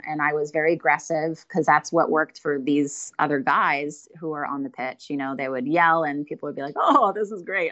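A woman who is a street performer, telling stories in a casual interview, chatty and self-deprecating and quick to laugh. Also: low-pitched, fairly bright tone, highs cut off.

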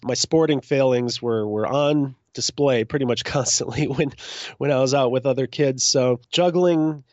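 A man in his forties from Minnesota, a juggler telling his story as a guest in a relaxed, self-deprecating way. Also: medium pitch, no room sound, dull audio. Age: 40s. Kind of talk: casual interview.

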